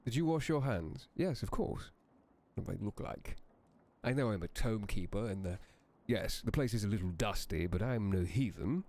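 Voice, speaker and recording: A man with a lowish voice that swoops and dips with lively expression. He talks as a genteel, old-fashioned tome keeper. His phrasing stays theatrical as he chats with viewers on a story stream. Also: normal speed. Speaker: streamer hosting a horror story reading.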